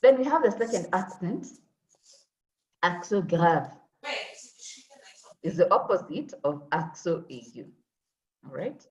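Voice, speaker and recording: A woman teaching an online French class, explaining patiently with many pauses and fillers. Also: fairly low pitch, big pitch swings, a little mellow, lo-fi sound. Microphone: video call.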